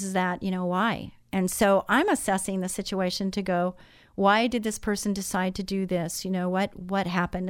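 Woman radio host chatting, smooth clear voice, dry studio sound, lots of ums. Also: mid-range voice, dry recording. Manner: conversational, many fillers. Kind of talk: Christian radio talk.

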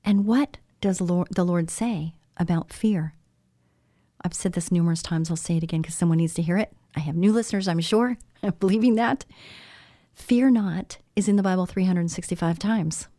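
A woman's voice: on the low side, fairly quick, warm tone, dry recording, clean studio sound. A middle-aged woman hosting a Christian radio talk show, speaking in a conversational preaching manner with emphatic repetition.

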